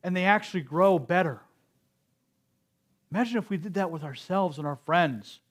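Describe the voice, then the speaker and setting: High-voiced man preaching slowly. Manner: slow, earnest preaching with acted-out quotes. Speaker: speaker at a spiritual center service. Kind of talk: sermon.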